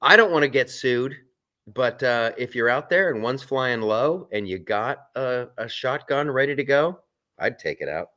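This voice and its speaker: A male host chats loosely on a live stream, reading viewer comments aloud and drifting between topics. His delivery is rambling and conversational, full of restarts and offhand asides. His voice sits at an ordinary middle pitch for a man. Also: expressive, unhurried, sharp tone. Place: on a film set.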